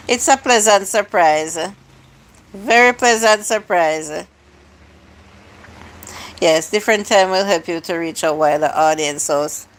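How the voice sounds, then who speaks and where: Unhurried woman chatting with viewers. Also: medium pitch. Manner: chatty, answers viewer comments one by one. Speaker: live-stream host. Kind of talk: casual live-stream chat with viewers.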